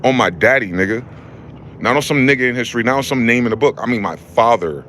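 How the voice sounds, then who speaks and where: A vlogger rants angrily in a fast, lively, fairly bright medium-pitched voice, with slight noise in the background. His monologue is profane and confrontational, circling back to the same rhetorical questions.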